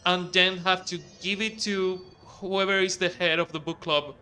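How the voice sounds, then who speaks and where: A man's voice: high-pitched, steady tone, measured pace, pushed and bright, soft background music. A man giving casual, rambling gameplay commentary, with frequent swearing and restarts. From outside the US. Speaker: let's play host.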